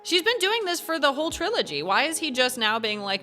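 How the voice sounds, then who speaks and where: A woman's voice: high-pitched, sing-song, brisk, pushed and bright, faint music behind. A young woman streaming a game, chatting casually and giggling with her viewers. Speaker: gaming streamer.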